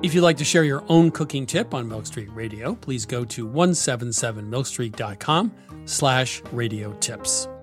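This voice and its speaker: A man hosting a radio show, quick to laugh and joke with his guests. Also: medium pitch, animated, music in the background. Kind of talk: radio hosting and casual chat.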